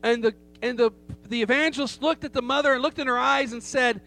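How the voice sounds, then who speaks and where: A man's voice: extremely high pitch, steady tone, fairly quick, bright, forceful tone, faint music behind. A middle-aged man preaching a sermon, telling a story with emphasis and rhetorical questions to the congregation. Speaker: pastor. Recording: faint hum behind the voice.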